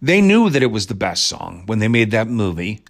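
A man's voice: lowish voice, big pitch swings, normal speed. Sarcastic man ranting about movies. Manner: sarcastic, irreverent and crude, with mocking asides. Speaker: movie reviewer. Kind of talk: casual rambling movie review rant.

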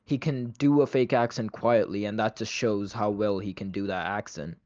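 An opinionated man talks through a movie in a loose, chatty way, leaning on "like" as he goes. His voice sits a little low. The recording is dry and slightly dull, as if made at home. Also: steady tone, moderate pace, a little mellow, no room sound. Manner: opinionated, chatty, many "like" fillers. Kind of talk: casual movie review chat.

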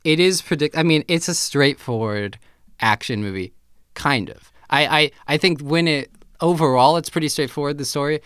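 A man's voice: a little high, moderate pace, a bit bright, clean tone, no echo, studio quality. A man co-hosting a podcast, casually chatting and thinking aloud with fillers and restarts. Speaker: podcast co-host. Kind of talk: casual chat.

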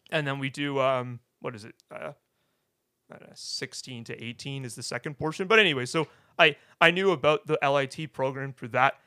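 Bright-voiced young man telling his story. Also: medium pitch, no room sound, clean studio sound. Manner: halting, restarts, tags "right?" often. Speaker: guest sharing testimony. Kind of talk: casual personal storytelling.

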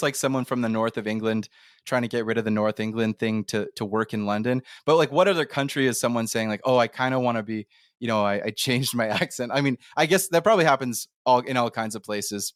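A man from Canada hosting a casual podcast interview, talking in an animated, storytelling way with quick asides. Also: mid-range voice, dry recording, clean studio sound. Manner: animated, storytelling, slips into playful impressions. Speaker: podcast host.

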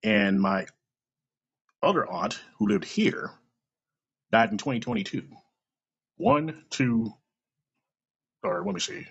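A middle-aged man with a gravelly, husky voice talks through a casual monologue in a dull, lo-fi recording. His pitch rises and falls a lot as he tells blunt, profane stories. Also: huge pitch swings, takes it slowly, pauses often. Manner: blunt, profane storytelling with laughs. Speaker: podcast host.

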